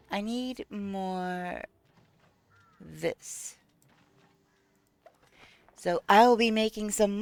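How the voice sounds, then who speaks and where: A woman's voice: mid-range voice, no echo. A woman streaming a video game live, chatting casually with viewers, thanking them and talking through her gameplay with frequent ums. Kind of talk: casual live-stream chat while playing.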